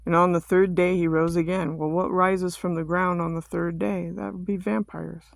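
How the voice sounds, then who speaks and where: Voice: mid-range voice, level tone, vocal fry, no echo. Vlogger, mid-range voice, dead-dry recording; profane conspiracy rant full of stumbles and "have you ever thought of that". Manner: ranting, repetitive rhetorical questions, heavy swearing; halting restarts and stumbles.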